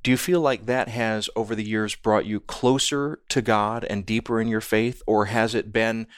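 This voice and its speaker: A man hosting an interview, asking thoughtful, measured questions. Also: on the low side, fairly even intonation, smooth, no room sound, studio quality. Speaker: interviewer host.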